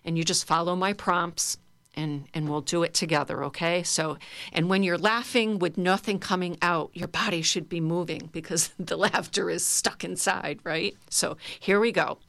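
A woman's voice: on the low side, steady tone, normal speed, creaky, a bit bright, dry recording. A woman leading a guided laughter exercise for a group, coaxing and playful. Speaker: laughter yoga leader.

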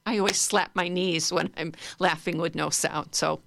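A woman's voice: fairly low pitch, steady tone, normal speed, gravelly, a bit bright, slight background noise. A woman leading a guided laughter exercise for a group, coaxing and playful. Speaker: laughter yoga leader.

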